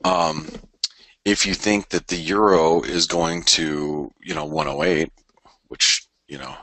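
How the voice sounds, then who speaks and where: A middle-aged man with a very deep voice talks through the markets live, rambling and tripping over restarts as he thinks aloud. His tone is bright and forceful, and the sound is dry and close with no room around it. He keeps it casual, like a host chatting to regular viewers. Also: fairly even intonation, slow, no echo. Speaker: forex trading show host.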